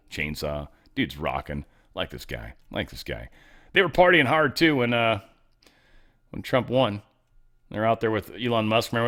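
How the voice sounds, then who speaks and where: A middle-aged man with a lowish, fairly bright voice hosts a talk show. His casual news commentary is rambling and sarcastic, sprinkled with offhand asides.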